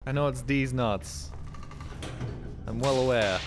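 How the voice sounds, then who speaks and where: A man's voice: medium pitch, takes it slowly, over music. A man streaming a game live, rambling and swearing in casual commentary, often laughing.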